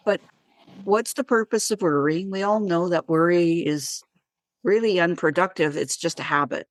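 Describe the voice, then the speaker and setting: A woman's voice: on the low side, normal speed, dry recording. A woman who works as a wellness practitioner, telling stories in an interview and acting out the dialogue in them. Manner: animated, acts out dialogue in her anecdotes. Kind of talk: conversational interview storytelling.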